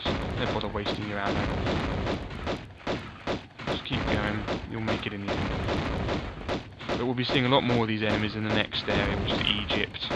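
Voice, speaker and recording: A man's voice: fairly low pitch, heavy background noise. A man giving chatty, offhand let's play commentary, often correcting himself. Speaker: gaming commentator.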